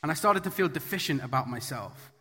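A man's voice: on the high side, expressive, fairly quick, sharp tone, slightly rough. A man giving a sermon as a children's message, earnest and emphatic, building his points through repetition, in a church hall. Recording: long reverb of a large hall.

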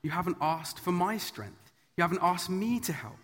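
A man voicing a patient father who gently questions his young son, in a hall with long reverb. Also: sits high, normal speed. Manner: calm, repeats the same question.

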